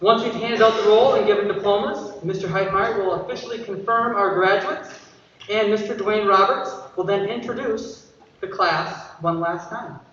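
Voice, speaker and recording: A man acting as ceremony announcer, making formal introductions in a measured way. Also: sits high, fairly bright tone. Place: large hall. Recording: echoey hall from far, dull.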